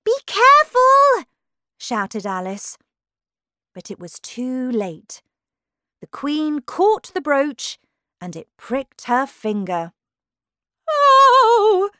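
A woman's voice: fairly high pitch, big pitch swings, slow, no echo, studio quality. A woman narrating a children's storybook aloud. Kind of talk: storybook reading.

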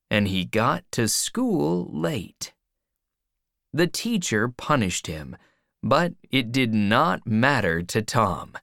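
A woman narrating a simple storybook in a low voice. She reads very slowly and clearly, with a lively, swinging pitch. The recording is dry and close. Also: no room sound. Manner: slow, clear graded-reader delivery. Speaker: reader.

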